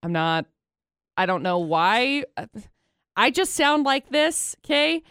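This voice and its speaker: A woman's voice: on the high side, sing-song, slow, fairly bright tone, clear, resonant tone, no echo, clean studio sound. A woman from Utah co-hosting a radio show, teasing and playful in casual banter.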